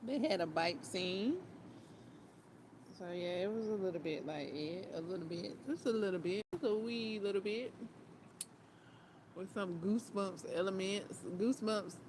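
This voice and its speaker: A woman's voice: mid-range voice, noisy background. A woman vlogger chatting casually about a movie, giggling often and repeating her words.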